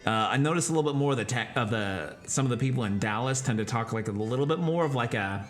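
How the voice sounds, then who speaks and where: Speaking quickly and animatedly at a medium pitch with hardly any pauses, a Texas-based streamer and voice actor rambles casually about voice acting. He explains as he goes while answering viewers, with faint music behind him.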